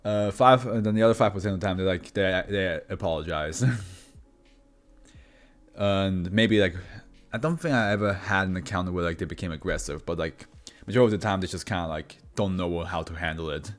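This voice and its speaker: This Swiss host, a native speaker of Swiss German, has a deep voice and a brisk delivery, with soft music playing underneath. His channel features him reading horror fiction files, punctuated by chatty tangents and frequent laughing.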